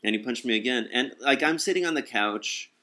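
Animated young man telling a story. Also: medium pitch, fairly quick. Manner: animated, acts out quotes, swears freely. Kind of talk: casual spoken storytelling.

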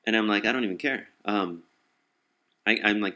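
A young man tells a personal anecdote in a low, forceful voice. He swears bluntly and stumbles into restarts as he goes. The delivery is casual and unscripted. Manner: profane, blunt, halting with restarts. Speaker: storyteller.

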